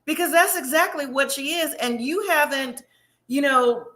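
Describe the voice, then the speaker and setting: A woman with a high, fairly bright voice hosts a casual reality show recap, chatting and sharing strong opinions straight to her viewers. She slips into quick impressions of the people she talks about.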